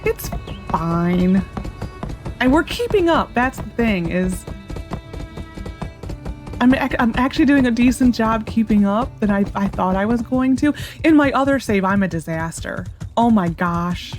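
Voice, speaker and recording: Woman, let's-play host, rambling and giggly, higher voice. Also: expressive, measured pace, darkish tone, soft background music. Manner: chatty, rambling, laughs often. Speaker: gaming video host. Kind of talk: casual let's-play commentary.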